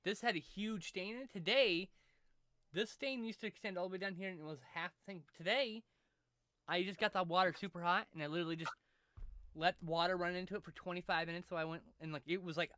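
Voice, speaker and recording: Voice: mid-range voice, fairly quick, sharp tone, no echo, clean studio sound. A rambling, profane co-host in casual chat on a live stream. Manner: rambling, profane, restarts often. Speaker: podcast co-host.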